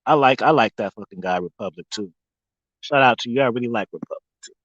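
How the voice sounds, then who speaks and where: A man livestreaming in a casual rant, animated and mocking, breaking into laughter often. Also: mid-range voice, fast talker, dry recording, dull audio.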